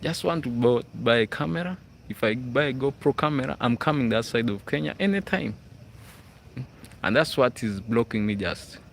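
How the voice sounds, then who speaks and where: A man's voice: medium pitch, animated, normal speed, creaky, a little hiss or hum. Chatty Ugandan man on a livestream. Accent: Ugandan English. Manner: chatty, reads out viewer comments, frequent "hmm?" check-ins. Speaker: livestream host. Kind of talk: casual live chat. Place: school grounds at night, outdoors.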